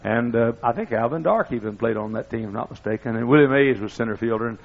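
An older man preaching a sermon, telling folksy stories that build up to excited shouting. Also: medium pitch, fast. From East Texas. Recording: dull lo-fi recording.

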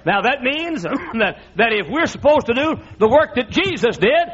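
A man's voice: very high-pitched, big pitch swings, normal speed, hardly any pauses, a bit bright, breathy edge, dull audio. A male pastor preaching a sermon with impassioned, folksy delivery and frequent laughter.

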